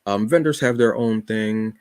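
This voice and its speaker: A man's voice: lowish voice, a little slow, a little mellow, dry recording. A man hosting a solo comics show, rambling enthusiastically with many fillers. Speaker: podcast host reviewing comics. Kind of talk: casual solo chat.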